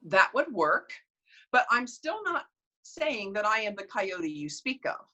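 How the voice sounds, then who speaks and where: A woman's voice: medium pitch, sing-song, unhurried, bright, forceful tone, full character voice. Coyote, a woman doing a sly storybook trickster.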